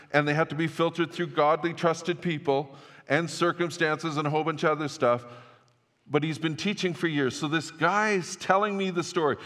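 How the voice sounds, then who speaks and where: A man's voice: fairly high pitch, a bit bright. A man preaching a sermon as pastor, telling stories in a loose, conversational way with restarts. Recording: long church-hall reverb.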